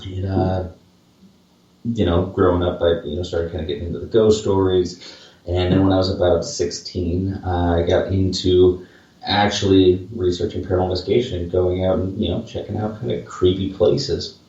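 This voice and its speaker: A man's voice: sits low, flat delivery, moderate pace, mellow. A man in his late twenties co-hosting a podcast. He talks casually, rambling and poking fun at himself, with many fillers and restarts. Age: late 20s. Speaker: podcast co-host, paranormal investigator. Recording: distant, very echoey, muffled mic.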